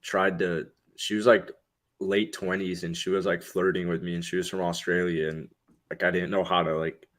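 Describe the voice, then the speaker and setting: Man in his 20s, podcast co-host, rambling chatty stories, very deep voice. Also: little pitch movement, moderate pace, a bit bright. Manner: rambling, filler-heavy storytelling. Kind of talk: casual podcast banter.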